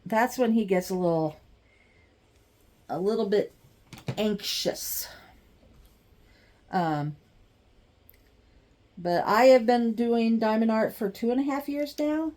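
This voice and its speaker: A middle-aged woman vlogging an unboxing at home, gushing and chatting excitedly with her viewers. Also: fairly high pitch, slow pace, pauses often. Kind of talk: casual unboxing vlog.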